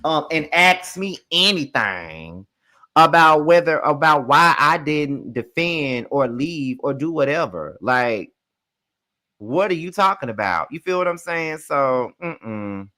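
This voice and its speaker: Young man, reality show recap host, bright edgy voice, sassy and profane, animated retelling. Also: on the high side, takes it slowly.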